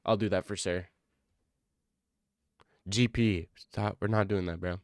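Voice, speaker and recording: A man streaming in casual chat, reacting to viewers, excitable and profane, often repeating himself. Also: low-pitched, unhurried, no echo, studio quality.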